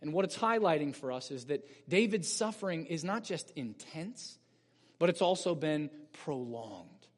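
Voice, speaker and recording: A man with a notably high voice preaches a sermon in an earnest, explanatory manner, pushing up with emphasis on key points. His voice carries a long reverb tail from a church sanctuary. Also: animated, measured pace. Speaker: pastor.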